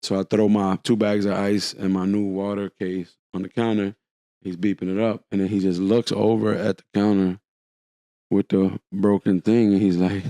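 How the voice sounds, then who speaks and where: Guy spinning a story on a podcast, low voice, dry close sound. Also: normal speed, no room sound. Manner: animated storyteller acting out quotes. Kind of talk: casual storytelling.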